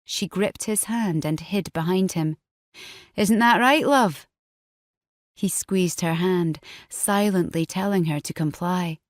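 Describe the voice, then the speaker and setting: A woman narrating an audiobook in a measured, even reading. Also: fairly low pitch, no echo, clean studio sound. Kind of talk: scripted narration. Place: recording studio. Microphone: close studio mic.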